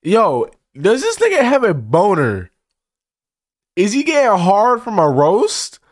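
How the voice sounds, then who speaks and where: A man's voice: high voice, huge pitch swings, slow. A man streaming his reaction to a roast clip, casually joking, laughing and repeating phrases in slang.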